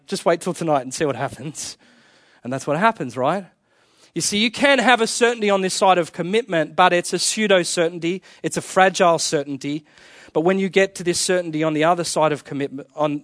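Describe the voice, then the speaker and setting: Man preaching a lively sermon. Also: fairly high pitch, no echo, clean studio sound. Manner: conversational preaching with humor, repeats and restarts. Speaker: pastor.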